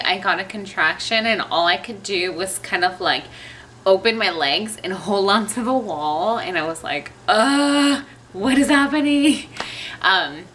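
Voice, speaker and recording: A woman's voice: on the low side, sharp tone, a little hiss or hum. A young woman telling a personal story to her camera at home, chatty and rambling with many fillers and asides. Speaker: vlogger.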